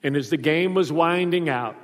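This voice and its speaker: A high-voiced middle-aged pastor preaching and telling a family story. He acts out the voices with lively swings. The sound rings with long hall reverb. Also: moderate pace. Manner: animated, acts out voices in his stories. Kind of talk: sermon storytelling.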